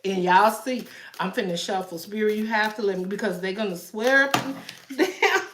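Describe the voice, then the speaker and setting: A woman's voice: medium pitch, normal speed, echoey room, noisy background. A woman giving a live tarot reading, chatting to her viewers in a loose, joking way and often breaking into laughter. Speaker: tarot reader.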